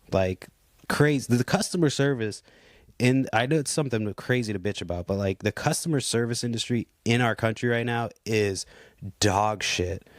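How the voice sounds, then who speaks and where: A man in his thirties rambles through a heated, profane monologue, full of restarts and asides. His voice sits on the low side. The recording is dry, with no room sound. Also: no room sound. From Puerto Rico. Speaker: podcast host. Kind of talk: casual ranting monologue.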